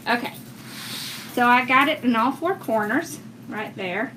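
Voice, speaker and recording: Speaking a little slowly with frequent pauses, this woman has a rather high, bright voice and a forceful tone. A faint hiss or hum sits under the audio as she casually demonstrates wreath making on a livestream, reading out viewer comments while she crafts.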